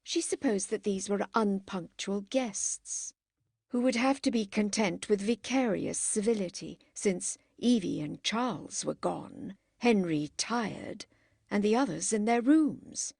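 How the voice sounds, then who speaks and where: Slow, gravelly woman narrator. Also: medium pitch, dry recording, clean studio sound. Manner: measured, expressive. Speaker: audiobook narrator. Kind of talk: scripted narration.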